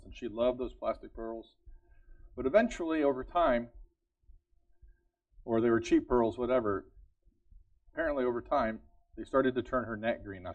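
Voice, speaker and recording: A man's voice: mid-range voice, a little mellow, no room sound. Male preacher, conversational sermon, questions to the congregation, dry, slightly distant sound. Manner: earnest, conversational, asks the congregation repeated questions; laughs lightly between points. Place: church service.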